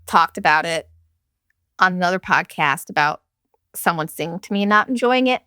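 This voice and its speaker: A woman's voice: fairly low pitch, lively intonation, moderate pace, pushed and bright, clean tone, no room sound, studio quality. A woman in her forties, from Arizona, hosting a casual solo podcast, telling rambling, profane, jokey stories. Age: 40s. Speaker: podcast host.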